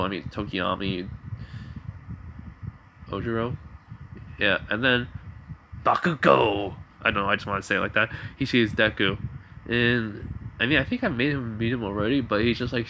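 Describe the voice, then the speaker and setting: Male storyteller making it up as he goes: halting, rambling, lower register. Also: fairly even intonation, sharp tone, a little hiss or hum. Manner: rambling, halting, many restarts. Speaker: fan storyteller. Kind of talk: improvised fan story narration.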